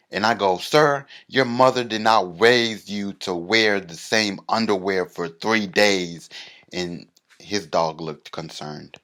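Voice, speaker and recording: A man telling a comic story, animated and bursting into mock-rally shouting. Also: low-pitched. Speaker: comedian.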